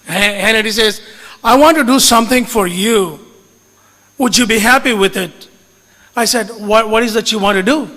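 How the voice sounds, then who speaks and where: A man telling a story to an audience in an earnest, deliberate way. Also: very high-pitched, bright, forceful tone, big-room sound. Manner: earnest, deliberate, mixes in Hindi phrases. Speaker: speaker recounting his media engagement.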